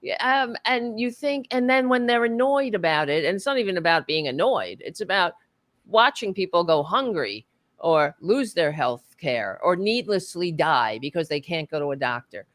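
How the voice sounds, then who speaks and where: In this podcast discussion, a book club panelist from the United States speaks impassionedly, swearing and frequently starting over. She has a fairly low, expressive voice at normal speed, recorded with no room sound.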